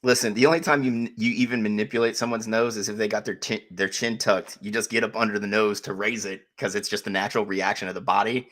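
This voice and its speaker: A man's voice: fairly low pitch, steady tone, fast talker, few pauses, a bit bright. A man co-hosting a podcast in casual chat, joking and laughing often. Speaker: podcast co-host.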